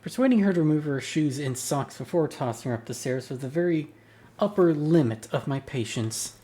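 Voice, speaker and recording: A man's voice: a little high, lively intonation, a little fast, dark tone. Man wryly narrating a visual novel. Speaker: streamer. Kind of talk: reading a visual novel aloud.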